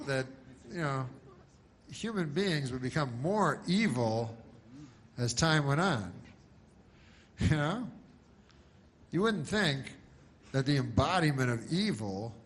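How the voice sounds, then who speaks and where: A man doing rambling stand-up comedy in a deadpan, meandering way. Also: fairly high pitch. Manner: deadpan, meandering, slow-burn.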